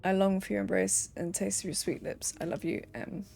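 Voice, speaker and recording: A woman's voice: mid-range voice, steady tone, a little fast, gravelly, mellow. A young woman streaming a game, reading letters and notes aloud with playful asides.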